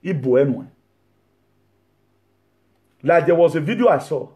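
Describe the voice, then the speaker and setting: A man preaching a sermon, mixing laughing asides with shouted rebukes. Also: on the high side, lively intonation, normal speed.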